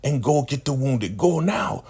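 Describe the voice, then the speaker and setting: A man voicing a bossy, self-important woman cult elder who scolds everyone in a shrill voice. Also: animated, unhurried, darkish tone, husky. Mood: scolding.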